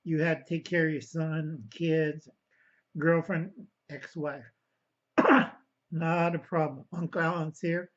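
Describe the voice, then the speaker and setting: A man's voice: on the high side, flat delivery, takes it slowly, dull audio. A man vlogging a casual political rant, rambling, correcting himself, and angrily calling his viewers kids. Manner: angry, addresses viewers as kids.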